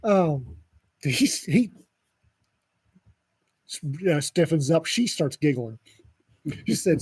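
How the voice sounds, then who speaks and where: A man's voice: on the high side, sing-song, slow, long pauses, a little mellow, slightly rough. A man co-hosting a podcast, telling a story in a dry, wisecracking way during a casual chat. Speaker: podcast co-host.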